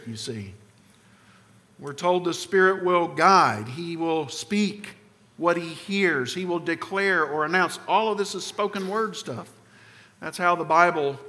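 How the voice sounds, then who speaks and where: Guy preaching a sermon, bright forceful voice, kinda high, long hall echo. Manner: emphatic preaching, dropping low on phrase ends. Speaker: pastor.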